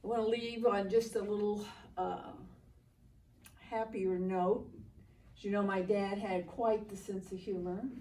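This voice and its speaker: A woman's voice: mid-range voice, fairly even intonation, a little slow, mellow. An older woman, the daughter of the man being honored, giving an earnest speech at a public ceremony and telling stories with quoted dialogue. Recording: roomy, distant mic with faint background noise.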